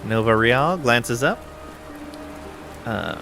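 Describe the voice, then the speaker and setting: A man streaming a casual game playthrough, reading story text aloud in a relaxed way with asides. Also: on the low side, moderate pace, faint music behind. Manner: relaxed, with frequent ums and asides.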